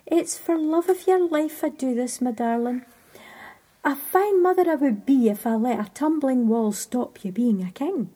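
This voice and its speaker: A woman voicing a fond, homely mother, soft and doting, in a whispered role-play story. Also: high-pitched, animated, a little slow, slightly rough, heavily acted. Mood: tender.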